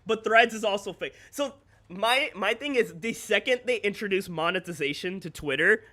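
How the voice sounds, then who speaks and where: A man streaming live, chatting candidly with his viewers, ranting and swearing freely with quick laughs. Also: high voice, animated, bright, forceful tone. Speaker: streamer and content creator. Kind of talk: casual livestream chat.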